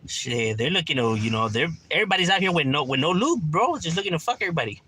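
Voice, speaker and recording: A man's voice: on the high side, big pitch swings, fast, pushed and bright, husky. A man, chatting casually and profanely on a livestream from home, peppering his talk with "right?". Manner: laid-back, slangy, profane, keeps asking "right?". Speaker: livestreamer reading chat.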